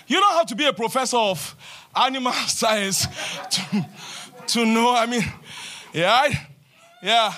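A man preaching a fervent sermon in church, swinging between loud shouted declarations and quieter talk. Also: very high voice. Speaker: pastor.

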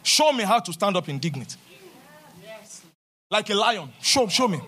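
A man preaching a fervent sermon in church, swinging between loud shouted declarations and quieter talk. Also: high-pitched, very animated, normal speed. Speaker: pastor.

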